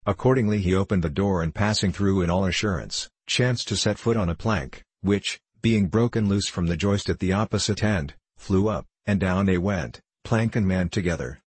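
A male narrator reads an old tale in measured, archaic storytelling. His voice is low and husky. The sound is dry and close. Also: no room sound. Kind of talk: scripted narration of a classic tale.

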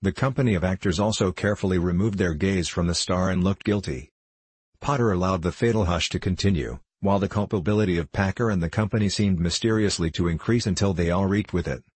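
Male audiobook narrator, low pitch, husky tone, dry close recording, measured reading. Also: darkish tone, no room sound.

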